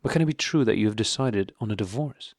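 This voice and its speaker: A man's voice: fairly low pitch, animated, quick pace, no echo, studio quality. A man reading the part of a distressed, pleading wife in an audiobook, lifting his voice a little for her. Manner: pleading, emotional. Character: distressed loyal middle-aged wife.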